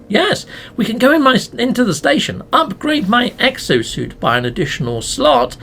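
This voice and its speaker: A man's voice: sits high, vocal fry, fairly bright tone, slight background noise. A man giving playful, chatty commentary as he plays a video game, with mild swearing, talking to his viewers. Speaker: let's play gamer.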